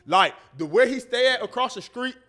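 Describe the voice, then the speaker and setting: Podcast host, male, light high voice, loose storytelling, lots of cursing and quoted voices. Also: brisk. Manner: animated, profane, acts out voices in his story. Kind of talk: casual storytelling.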